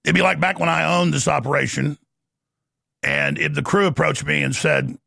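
Sarcastic, animated middle-aged man host. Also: on the high side, normal speed, gravelly, no echo, clean studio sound. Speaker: show host. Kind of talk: political commentary monologue.

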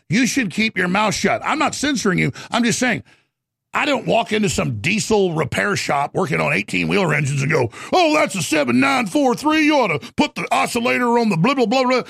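A middle-aged man hosting a radio talk show, ranting through an angry political monologue with bursts of shouting. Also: high voice, no echo, studio quality. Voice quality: gravelly.

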